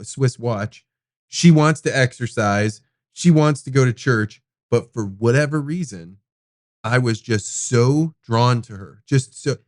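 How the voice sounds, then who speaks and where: A man's voice: mid-range voice, dry recording. Man, podcast host, casual storytelling, rambling, swears casually, dry close sound. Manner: rambling, animated, swears freely.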